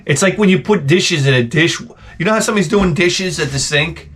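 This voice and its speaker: A man's voice: fairly high pitch, brisk, a bit bright, slightly rough. Profane middle-aged man ranting. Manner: profane, exasperated grumbling. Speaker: show host. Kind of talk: casual ranting monologue.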